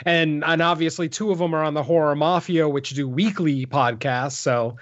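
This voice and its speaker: A man with a fairly high voice, talking casually on a horror podcast. He rambles through his updates with plenty of ums and you-knows. The audio is dull and lo-fi. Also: steady tone, normal speed. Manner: rambling, filler-heavy, laughs easily. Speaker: podcast co-host.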